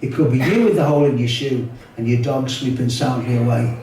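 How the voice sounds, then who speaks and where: Here the Liverpool-accented older poet speaks a little fast in a mellow, mid-range voice, delivering his rhyming work live with wry rhythm and asides. The mic is distant and the hall echoes.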